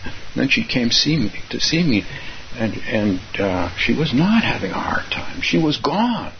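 A man giving a Zen dharma talk as meditation teacher, halting and repeating himself, often chuckling, in a dull lo-fi recording. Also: mid-range voice, very animated. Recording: dull lo-fi recording, faint hiss.

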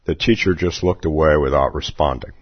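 A man's voice: a bass voice, brisk, dry recording. A man giving a dharma talk as a Zen meditation teacher at a retreat, playful, chuckling often and repeating his questions. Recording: dull lo-fi recording.

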